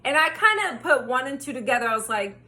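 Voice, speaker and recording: Bright, animated woman vlogger. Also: high voice, fast. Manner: animated, swears freely, acts out her own quotes. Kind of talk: storytime chat.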